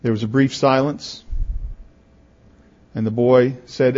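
A man's voice: mid-range voice, takes it slowly. A male pastor reading scripture and preaching a sermon, telling stories expressively and acting out the characters' lines. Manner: expressive storytelling, voices the characters. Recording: dull lo-fi recording.

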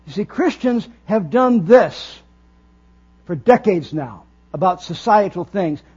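A man's voice: high voice, animated, slow, darkish tone, husky. A man preaching a sermon, earnest and emphatic, building his phrases as he goes. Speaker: pastor. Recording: dull lo-fi recording with faint mains hum.

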